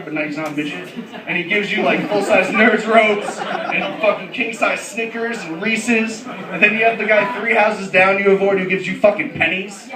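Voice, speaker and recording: A man doing a stand-up comedy set, brash and profane, laughing through his lines. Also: high voice. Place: comedy club. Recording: echoey club, distant mic, loud crowd.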